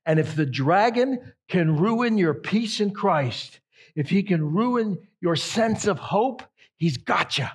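Male pastor, sermon; husky, slightly raised pitch, emphatic repetition. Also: expressive, slow pace. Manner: emphatic, repeats phrases for effect.

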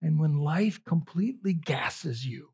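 A middle-aged man preaching a sermon, slow and reflective with long pauses. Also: fairly high pitch, animated, dark tone, slightly rough. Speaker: pastor.

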